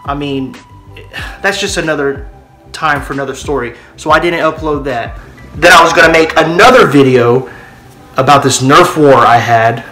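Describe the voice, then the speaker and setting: A man's voice: a little high, normal speed, pushed and bright, soft background music. A young man vlogging in a casual, rambling way, laughing often and cutting himself off mid-thought. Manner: chatty, laughing, self-interrupting.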